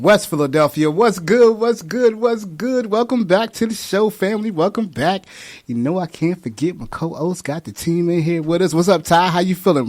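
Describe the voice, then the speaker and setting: A man's voice: fairly high pitch, darkish tone. A man hosting a radio talk show, greeting listeners upbeat and reading out contact details. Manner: upbeat, hypes the audience, reads out contact info.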